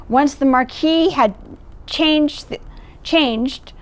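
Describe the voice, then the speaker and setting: A middle-aged woman reading a picture book aloud, stopping to point out the pictures and chat about the story. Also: fairly high pitch. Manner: warm asides, pointing out pictures. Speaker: volunteer storyteller.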